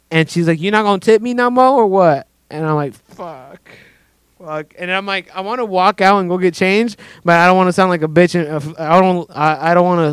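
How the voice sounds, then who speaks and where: Guest storyteller, male, higher register, crisp tone; profane, rambling delivery. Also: no echo. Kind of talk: casual podcast chat.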